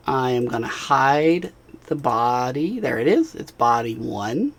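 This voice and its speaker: A man narrating a software tutorial screencast, talking casually as he clicks through steps and checking in with the viewer. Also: mid-range voice, lively intonation, measured pace. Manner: casual, talks while clicking, frequent "all right" and "right?". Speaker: instructor.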